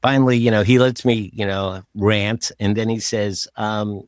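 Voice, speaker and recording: Low-voiced man hosting a podcast. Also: normal speed, no room sound, studio quality. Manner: relaxed, rambling with many fillers and restarts. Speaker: podcast host. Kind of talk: casual interview chat.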